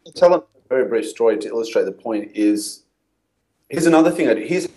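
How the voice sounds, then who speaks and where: A male guest copywriter in an interview tells stories, acting out his own past conversations. His mid-range voice is animated and dark-toned, and he talks fairly quickly on a rough recording.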